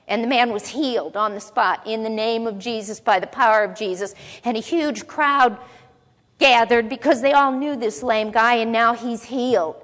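A woman teaching a sermon, reading Bible verses aloud and explaining them in a conversational way with asides to her listeners. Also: on the high side. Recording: long echo of a large hall.

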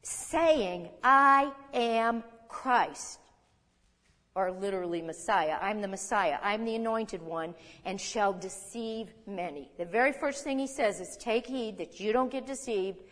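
A woman's voice: medium pitch, normal speed, hardly any pauses. An older woman in her seventies giving conversational Bible teaching as a teacher, folksy, with chuckling asides and rhetorical questions. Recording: reverberant hall.

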